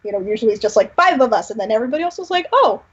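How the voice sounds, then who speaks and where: A young woman with a high voice tells animated stories, acting out the quotes as she goes. She is a podcast guest heard through dull, lo-fi audio. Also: very fast, husky. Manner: animated, storytelling with quoted dialogue. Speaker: guest performer. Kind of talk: casual interview chat.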